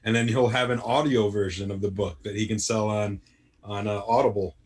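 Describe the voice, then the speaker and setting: A man's voice: fairly low pitch, fairly even intonation, fairly quick, husky. A man co-hosting a poker live stream, chatting casually with a dry, teasing humor.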